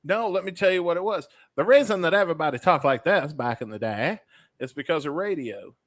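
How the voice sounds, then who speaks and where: A man's voice: on the high side, lively intonation, fairly quick. A man co-hosting a podcast in casual chat, explaining things at length and often repeating himself. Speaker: podcast co-host.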